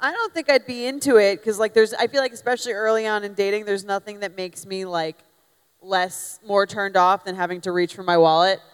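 A woman who is a guest on a live comedy panel, talking casually with quick quips. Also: mid-range voice, steady tone, clear, resonant tone. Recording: reverberant live venue.

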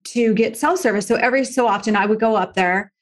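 A woman's voice: fairly high pitch, quick pace. A woman being interviewed as a reality TV guest, telling her story candidly and emotionally and often acting out what others said. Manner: candid, emotional, quotes others in lively voices.

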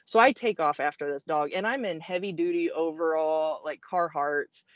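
A woman guest telling a story in a casual interview, animated and self-deprecating, stopping and restarting often. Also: low voice, normal speed, dry recording. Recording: dull, dry sound.

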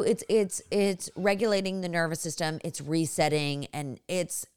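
A woman's voice: fairly low pitch, moderate pace, a little mellow, clean tone. A young adult woman hosting a podcast interview, chatting casually and gushing, with frequent restarts and fillers. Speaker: podcast host.

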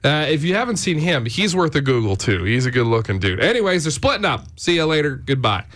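Animated male radio host. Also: a little high, quick pace. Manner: jokey, animated, puts on silly accents. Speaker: radio morning show host. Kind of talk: casual radio banter.

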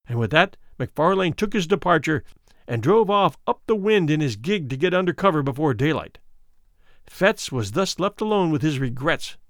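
A man narrating a classic story as an audiobook, in an expressive, dramatic way. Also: a little high, moderate pace, no echo, studio quality.

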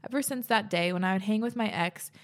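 A woman's voice: mid-range voice, brisk. A young woman host reading listeners' stories aloud and reacting between them, chatty and laughing often, swearing casually.

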